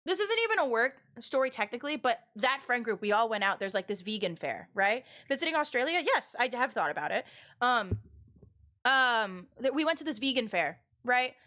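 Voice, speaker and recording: High-voiced, animated young woman streamer. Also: moderate pace. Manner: animated and rambling, full of "like" fillers; loud and expressive. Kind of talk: casual storytelling to a live chat.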